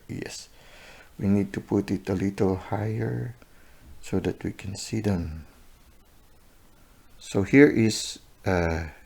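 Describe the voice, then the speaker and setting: A man giving an unscripted tarot reading to camera, unhurried, pausing on "uh" and often ending points with "no?" or "okay?". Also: low voice, vocal fry. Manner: unhurried, many "uh" pauses, often ends with "no?" or "okay?". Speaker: tarot reader.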